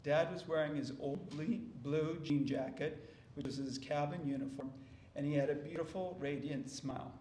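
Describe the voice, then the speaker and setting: A man giving a memorial speech and reading a poem, gentle and reflective, with small slips. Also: on the high side, steady tone, normal speed, roomy sound, a little hiss or hum. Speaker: family member giving a eulogy.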